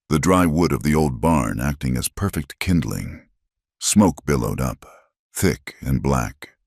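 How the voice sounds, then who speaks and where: Deep-voiced male narrator for a dramatic frontier tale, dry close sound. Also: darkish tone, dry recording.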